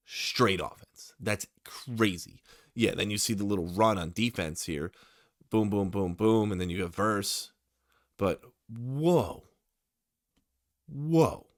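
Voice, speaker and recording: Low-voiced man giving excited draft takes. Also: no room sound, clean studio sound. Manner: opinionated, excitable, talks to the viewer. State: tired, late at night. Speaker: sports YouTuber. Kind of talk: casual draft commentary.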